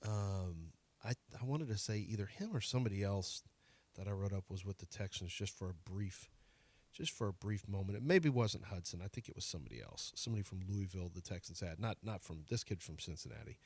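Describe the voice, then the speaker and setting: Bright-voiced animated sports radio host. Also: male voice, lowish voice, no room sound. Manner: animated storyteller, mimics his shouting son. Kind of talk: casual sports radio chat.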